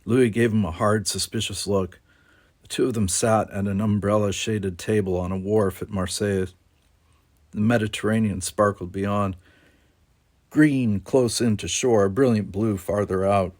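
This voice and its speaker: A man reading a novel aloud in a steady, measured narration. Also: fairly low pitch. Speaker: audiobook reader.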